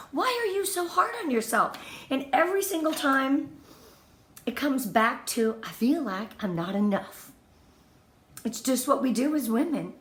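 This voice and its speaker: Fifties woman, team leader on a livestream, high-ish and gushing, echoey room sound. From Southern California. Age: 50s. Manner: bubbly, effusive, emotional and lively. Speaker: team leader giving a live training. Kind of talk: livestream motivational talk.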